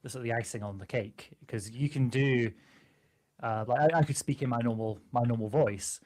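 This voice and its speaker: A man chatting casually about voicing characters, animated and quick to laugh. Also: medium pitch. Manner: animated, laughs often, slips into character voices. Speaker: guest game master. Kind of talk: casual chat about voice acting.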